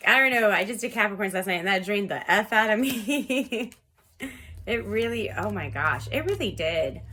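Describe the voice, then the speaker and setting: A woman's voice: medium pitch, animated, unhurried, long pauses, pushed and bright, a little hiss or hum. A woman in her thirties giving a casual tarot reading at home, chatty and rambling, laughing often and talking to viewers like friends. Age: 30s. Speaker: tarot reader.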